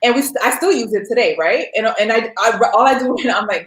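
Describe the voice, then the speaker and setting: A woman's voice: fairly high pitch, a little fast, fairly bright tone. A woman in her thirties talking casually as a parent, telling candid stories about raising her young son and acting out the dialogue. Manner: candid, storytelling with quoted dialogue. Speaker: parent sharing experience. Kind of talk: casual discussion. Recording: roomy echo.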